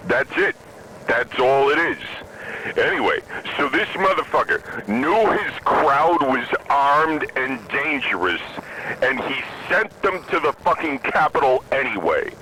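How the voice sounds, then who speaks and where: A man's voice: mid-range voice, animated, unhurried, sharp tone, a little hiss or hum, low-quality recording. A man hosting a podcast, delivering an angry, profane rant from a moving vehicle. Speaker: podcast host.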